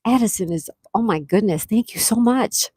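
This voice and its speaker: A woman hosting a live stream, reading chat comments and excitedly thanking viewers, with frequent gasps. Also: medium pitch, normal speed, breathy edge, dry recording, clean studio sound. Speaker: livestream host.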